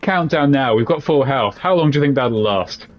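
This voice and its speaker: A man's voice: medium pitch, lively intonation, normal speed, dull audio. A man giving casual, jokey commentary while playing a video game, rambling between asides. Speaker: game streamer. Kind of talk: casual let's-play commentary.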